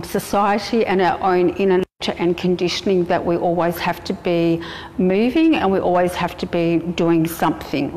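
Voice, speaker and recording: A woman's voice: on the low side, darkish tone, long reverb tail, slight background noise. A woman giving a spiritual channeling reading, relaying messages in a rambling way with many fillers and breaking into chant-like syllables. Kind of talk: spoken channeling session.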